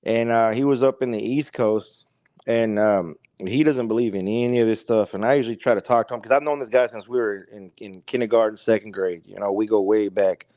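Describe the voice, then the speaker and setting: A man's voice: fairly low pitch, fairly even intonation, fairly quick, mellow, no echo. A man as a podcast guest, telling a long story in a rambling way, stringing it together with "he's like" and "he goes". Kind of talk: casual storytelling.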